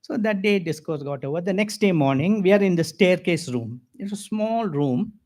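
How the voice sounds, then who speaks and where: An older man with an Indian accent, giving a devotional talk full of personal stories, lively with chuckles and asides. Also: sits high, normal speed. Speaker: spiritual speaker.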